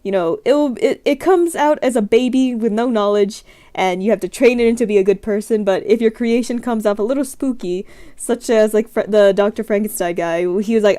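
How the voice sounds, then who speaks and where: A woman's voice: a little high, fairly quick, mellow. A young adult woman streamer in her room, chatting casually through scenario questions in a rambling, giggly, self-deprecating way.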